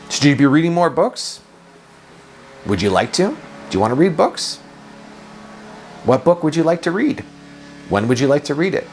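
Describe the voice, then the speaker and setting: A man in his thirties, a productivity coach, giving a reflective self-help talk full of questions and repeated phrases. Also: on the high side.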